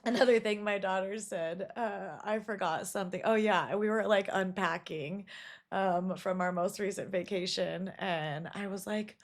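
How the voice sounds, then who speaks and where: A woman co-hosting a casual podcast speaks at a moderate pace in a mid-range voice. She's an animated storyteller, telling lively stories and acting out what other people said.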